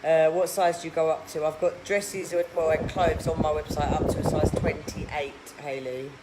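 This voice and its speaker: A woman's voice: low-pitched, level tone, moderate pace, noisy background. A woman, chatting bluntly on a live video as she reads out viewer comments, mocking and swearing casually. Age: 30s. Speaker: live stream host.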